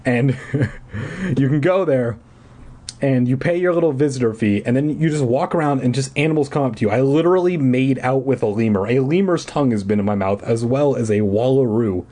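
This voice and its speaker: A man's voice: medium pitch, a little fast, mellow. A young man hosting a podcast, rambling casually with profane jokes. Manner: rambling, profane, joking asides. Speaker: podcast host. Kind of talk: comedic reading of a kids' book.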